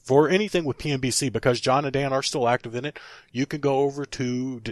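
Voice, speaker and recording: A man's voice: medium pitch, fairly quick, no room sound. Rambling male podcast host, dry close sound. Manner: rambling, self-correcting, breathless run of plugs. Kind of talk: casual podcast plugs.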